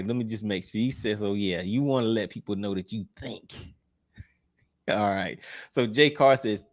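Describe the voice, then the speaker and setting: A man hosting a livestream, reading viewer comments aloud in an easygoing, teasing way and laughing often. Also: on the low side. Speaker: livestream host.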